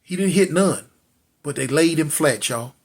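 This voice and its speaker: A man's voice: on the high side, expressive, unhurried, breathy edge. Dramatic male street storyteller. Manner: dramatic, repetitive, voices gunshot sounds; addresses listeners directly.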